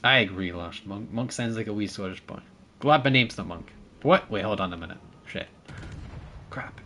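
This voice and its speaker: A man's voice: on the low side, normal speed, bright, forceful tone, a little hiss or hum. A man streaming a naval battle game, chatting with his viewers and teammates, thanking supporters and laughing often as he plays. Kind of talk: casual gameplay commentary.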